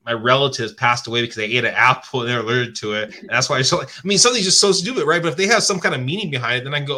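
A man's voice: mid-range voice, very fast, bright, forceful tone. A man co-hosting a podcast in casual chat, rambling with many restarts and hedges. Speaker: podcast co-host.

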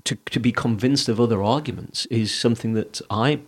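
A man's voice: medium pitch, brisk, slightly rough. A man co-hosting a podcast in casual chat, reflective and rambling, thinking aloud with frequent restarts. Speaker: podcast co-host.

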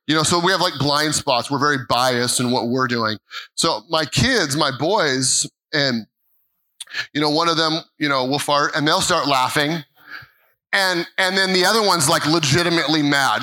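A man's voice: fairly high pitch, normal speed, pushed and bright, low-quality recording. A middle-aged male pastor telling a funny family story in a sermon, acting out voices and laughing along. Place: church stage.

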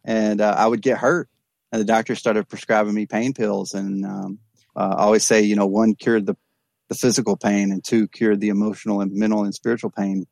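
A man's voice: on the low side, creaky, a little mellow, no room sound. A man working as an addiction counselor, speaking earnestly and reflectively in a candid podcast conversation, often restarting and repeating words. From East Texas.

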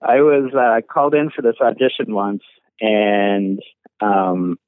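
A man with a Midwestern accent, an actor calling into a podcast, self-deprecating and laughing often between halting restarts. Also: fairly low pitch, little pitch movement, no room sound, narrow, tinny audio. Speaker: actor guest. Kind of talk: podcast interview by phone.

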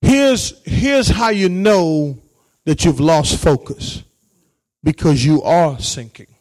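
High-voiced preaching pastor, shouting and hushing. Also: male voice, slow pace. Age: adult, married parent. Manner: calls out to the congregation, swings from shouting to hushed asides. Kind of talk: sermon.

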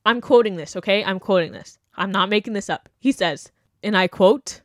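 A woman's voice: medium pitch, normal speed, dry recording, clean studio sound. A young woman hosting a podcast, talking bluntly and animatedly in casual opinion chat, mocking the people she quotes. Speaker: podcast host.

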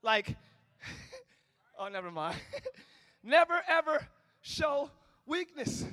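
A male pastor preaching in a church, his voice pitched very high for a man. The tone is bright and forceful. He swings from shouted lines down to low, quiet passages. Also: big pitch swings, drawn-out words. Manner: preaching with call-outs, shifting between shouting and low tones. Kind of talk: sermon. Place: church sanctuary.

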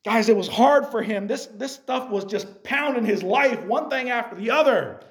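Preaching to a youth group, an animated man swings between quiet talk and shouting, addressing his listeners directly. He speaks at a normal speed with an extremely high-pitched voice.

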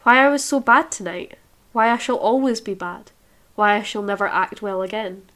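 A rapturous young actress pours out her love in impassioned, dreamy phrases, as a woman reads her part aloud. Her voice sits at a middling pitch. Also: normal speed, a bit bright, lightly acted. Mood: pleading. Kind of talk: reading a novel aloud.

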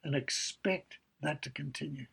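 A man's voice: fairly high pitch, moderate pace, creaky, fairly bright tone, husky, poor audio. A man preaching a sermon, earnestly explaining scripture and reading passages aloud.

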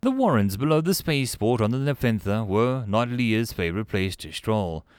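A man narrating sci-fi short stories in an expressive, animated audiobook style. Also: lowish voice, normal speed, clear, resonant tone, no room sound, studio quality.

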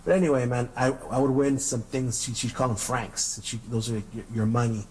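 A man's voice: medium pitch, fairly even intonation, moderate pace, darkish tone, a little hiss or hum, low-quality recording. A man from Southern California hosting a podcast, telling stories casually and profanely, with frequent restarts. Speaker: podcast host. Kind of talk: casual storytelling.

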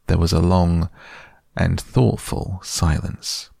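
Deep gravelly male storyteller. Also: steady tone, a little slow, darkish tone, no echo, studio quality. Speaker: narrator. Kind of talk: storybook reading.

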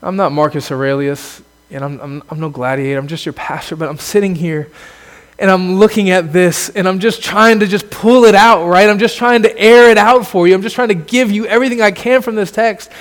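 A pastor preaches in an earnest sermon voice that swells into emphatic exclamations and then sinks low. His voice sits high for a man. A long reverb hangs after every phrase, as in a large church hall. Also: steady tone, fairly quick.

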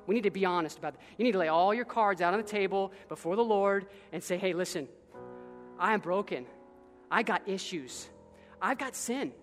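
A male pastor delivers an impassioned sermon, dropping low and close, then climbing to near-shouts. His voice rings through a church with a long reverb tail, and soft music plays faintly underneath.

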